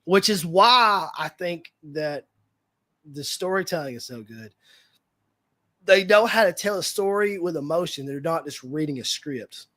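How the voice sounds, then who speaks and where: A man's voice: fairly high pitch, expressive, measured pace, fairly bright tone, no room sound. A man hosting a livestream in casual fan chat, rambling and leaning on fillers like "like" and "you know.". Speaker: livestream host.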